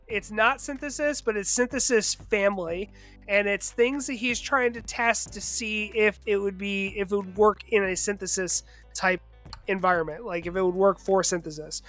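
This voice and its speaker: A woman's voice: medium pitch, a bit bright. A woman hosting a casual chat show, rambling loosely with lots of restarts. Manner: rambling, many fillers and restarts. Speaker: host.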